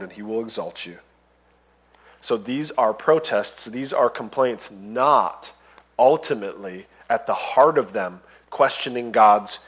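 A man in the middle of a sermon, speaking at an ordinary middle pitch. He moves between quiet reflection and loud, fervent appeals, with scripture readings woven through. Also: husky, rough recording. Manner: preaching, rising to loud impassioned pleading; reads scripture aloud between remarks. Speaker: pastor.

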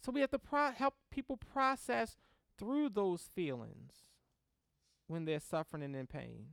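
A woman teaching a Christian class on grief in a lively, conversational way, often laughing and checking in with the class. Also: on the low side, unhurried, vocal fry, dry recording, studio quality. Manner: animated, laughs often, acts out prayers in quotes; checks in with "right?" and "okay?".

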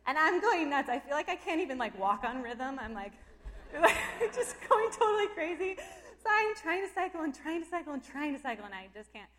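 Woman, slightly high voice, casual testimony, animated and emotional, loose and chatty with fillers. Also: fast talker, hardly any pauses. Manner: emotional and animated, lots of "like" fillers, breaks into laughter. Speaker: Christian speaker sharing personal testimony. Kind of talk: casual personal storytelling.

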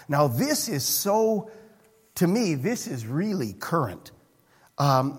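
A man preaching a sermon as pastor, earnest, moving between hushed and emphatic passages. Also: high-pitched, animated, normal speed. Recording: long reverb of a hall.

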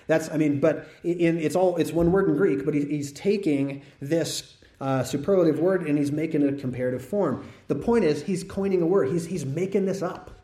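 Guy preaching a sermon, kinda high mellow voice, chatty teaching, echoey church hall. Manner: conversational teaching, animated when telling a story. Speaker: pastor. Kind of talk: expository sermon. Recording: roomy hall echo.

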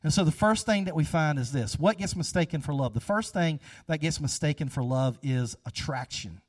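A man's voice: on the high side, expressive, moderate pace, no echo, studio quality, far from the mic. A man leading a casual, chatty sermon after an audience guessing game, upbeat and repeating himself.

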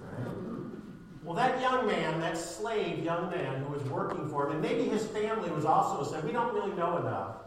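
A man's voice: sits high, very animated, moderate pace. A man preaching a sermon as a pastor, with a sarcastic streak, building to fervent emphasis. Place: church sanctuary. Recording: echoey church hall, distant mic.

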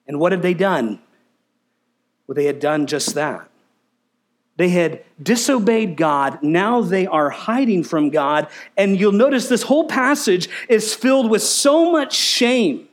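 Male pastor, high voice, emphatic sermon delivery, quizzes the congregation. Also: a little slow. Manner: asks the congregation questions, emphatic and animated.

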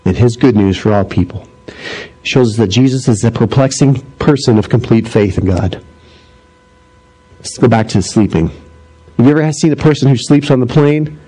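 A middle-aged male preacher with a mellow voice who brings his stories to life, acting out bits of dialogue. He drops low and slow when he lands a serious point. His pitch sits in the middle for a man. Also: breathy edge, poor audio. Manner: animated storytelling, acting out voices. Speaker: pastor. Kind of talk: sermon.

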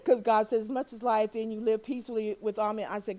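Woman preacher, high bright pitch, lively, acts out the people she quotes. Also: fast talker. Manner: animated, acts out quoted voices, laughs often. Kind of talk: sermon.

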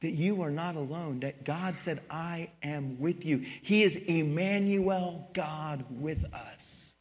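A male pastor with a slightly higher-than-average voice preaching a sermon. He rambles through a story, dropping to quiet asides and then rising loud and excited as he acts out scenes. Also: takes it slowly. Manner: rambling storytelling, swings from soft to loud when retelling scenes.

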